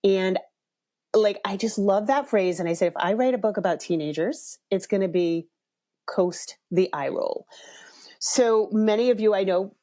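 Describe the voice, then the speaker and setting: Chatty middle-aged woman podcast host. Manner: chatty, laughs often, quotes people with lively jumps in pitch. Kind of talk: casual storytelling.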